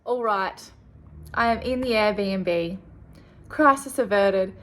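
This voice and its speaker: A woman's voice: medium pitch, takes it slowly, music in the background. An Australian woman vlogging to camera, telling a rambling travel story and swearing freely along the way. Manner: rambling, swears freely, restarts mid-sentence.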